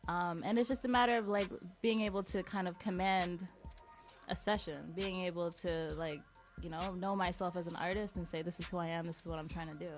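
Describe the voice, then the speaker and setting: A young woman with a Canadian accent, a singer guest on a radio show, talking in a soft, hesitant way with many fillers. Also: fairly low pitch, fairly even intonation, a little fast, soft background music. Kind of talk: casual radio interview. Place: radio studio.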